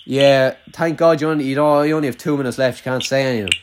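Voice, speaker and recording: Fast-talking young rural Irish man. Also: mid-range voice, steady tone, heavy background noise. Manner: chatty, rambling, heavy use of "like". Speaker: podcast host. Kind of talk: casual chat.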